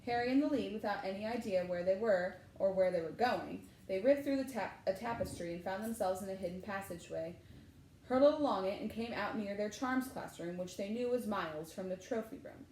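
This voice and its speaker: A woman's voice: mid-range voice, fairly quick, a little hiss or hum. Woman teacher reading a story aloud. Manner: animated, switching voices for characters. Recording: echoey room with faint ambience.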